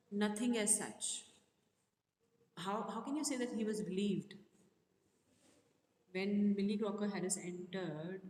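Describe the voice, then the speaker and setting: A woman's voice: medium pitch, darkish tone. Woman teaching in an echoey classroom. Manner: questioning, repeats questions to the class. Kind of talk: classroom lesson on a play excerpt. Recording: echoey room with long reverb and faint noise.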